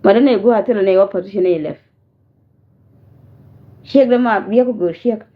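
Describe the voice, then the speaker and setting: A woman's voice: mid-range voice, moderate pace. A woman from South Sudan giving a scolding message direct to camera, mixing languages and warning her listener. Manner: scolding, warning, code-switching. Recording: tinny phone-like audio.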